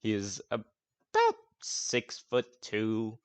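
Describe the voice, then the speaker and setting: A man's voice: fairly low pitch, wildly swooping pitch, very slow, smooth, dry recording. A man narrating casually as game master of a tabletop game, often swearing.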